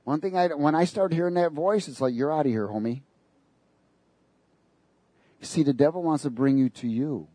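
A man preaching a sermon, lively and sarcastic, laughing between his points. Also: on the high side, normal speed, long pauses, no room sound.

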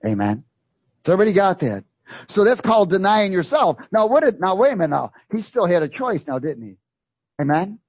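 Husky-voiced preacher, emphatic and repetitive. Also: male voice, sits high, big pitch swings, fairly quick, no room sound. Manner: emphatic, rhetorical questions to the congregation; repeats phrases for emphasis. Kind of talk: sermon.

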